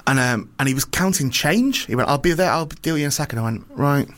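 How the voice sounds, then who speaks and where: A man, a comedian, chatting casually and acting out both sides of a story. He talks fast, and his pitch leaps around a lot. His tone is sweary and self-mocking. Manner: animated storytelling, acts out both sides of dialogue. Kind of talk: casual chat.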